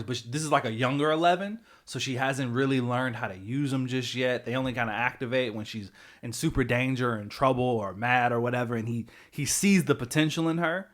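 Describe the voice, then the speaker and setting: A man's voice: mid-range voice, fairly bright tone. A man co-hosting a pop culture podcast in casual chat, rambling with lots of "like" fillers. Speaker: podcast co-host.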